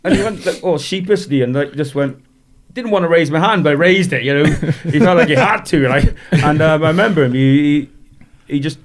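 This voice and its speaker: A man's voice: on the high side, normal speed, few pauses, slight background noise. Chatty man telling stories. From Wales. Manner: rambling, laughs through his stories. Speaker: guest, former professional boxer. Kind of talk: casual storytelling in a podcast interview.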